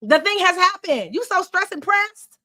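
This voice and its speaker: A woman's voice: extremely high pitch, big pitch swings, moderate pace, bright, forceful tone, voice pushed up, exaggerated voice. A woman voicing her confident future self, who is sassy and exasperated at her past self.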